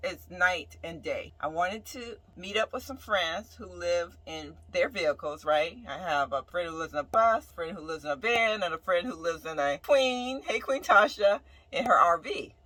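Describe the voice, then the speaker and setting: A woman, a nurse who lives in her bus, telling a casual storytime about a breakdown with animated, emphatic delivery and frequent "right?" asides. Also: fairly low pitch, moderate pace, hardly any pauses, no echo, low-quality recording. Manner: dramatic swings between loud outbursts and quiet mutters. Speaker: nurse and bus-dwelling vlogger.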